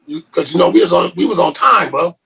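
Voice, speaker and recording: A man with a deeply gravelly, rough, raspy voice that sits a little on the high side, speaking as a guest in a relaxed interview. He tells his story loosely, doubling back on words and restarting phrases as he goes. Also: fast, far from the mic.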